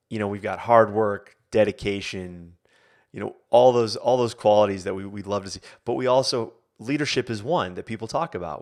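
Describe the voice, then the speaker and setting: A man hosting a live online Q&A as a coach, talking casually with many fillers and restarts. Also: fairly low pitch. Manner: rambling, many fillers and restarts, animated quotes. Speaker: coach and host.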